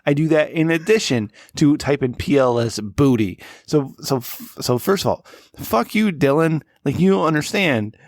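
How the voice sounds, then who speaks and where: A man's voice: a little high, lively intonation, moderate pace, hardly any pauses, dry recording, studio quality. A man co-hosting a casual podcast, tipsy from drinking, rambling and swearing with many restarts. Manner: rambling, profane, restarts often. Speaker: podcast co-host.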